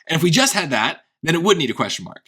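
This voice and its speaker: Bright-voiced man tutoring casually. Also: on the high side, big pitch swings, fast talker, slightly rough. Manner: thinks aloud, restarts, often checks with "right?". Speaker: SAT tutor.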